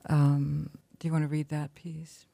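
A woman interviewer talks in a very low voice. She is halting and restarts her sentences often. The recording is dry and close. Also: flat delivery, gravelly, dark tone, no echo. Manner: hesitant, with many restarts. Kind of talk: conversational interview.

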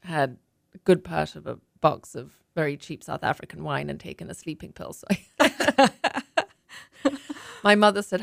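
Woman author, lowish gravelly voice, measured memoir reading, dry close sound. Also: dry recording. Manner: measured, expressive reading with deliberate pauses. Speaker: author and guest. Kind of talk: memoir reading and interview talk.

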